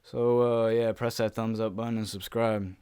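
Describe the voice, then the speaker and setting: A young man telling a casual, profanity-laced storytime vlog, animated and laughing as he goes. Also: on the low side, moderate pace, slight background noise. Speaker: YouTuber.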